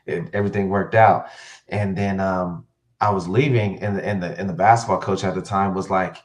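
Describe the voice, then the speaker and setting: A man's voice: low voice, a little fast. A man, a co-head football coach, telling stories in an interview, full of fillers and restarts, acting out what others said. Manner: animated storyteller who acts out quotes, many fillers and restarts. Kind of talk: interview storytelling.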